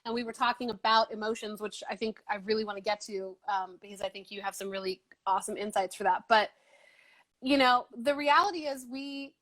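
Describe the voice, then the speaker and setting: A woman hosting a live interview over a video call, chatty and eager, with quick affirmations. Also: mid-range voice, a bit bright. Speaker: host. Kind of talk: casual live interview chat.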